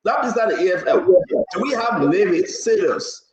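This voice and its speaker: A man's voice: high voice, sing-song, normal speed, a little mellow, echoey room. A man with a Liberian English accent, co-hosting a casual talk show, emphatic and laughing, firing off rhetorical questions. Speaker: co-host.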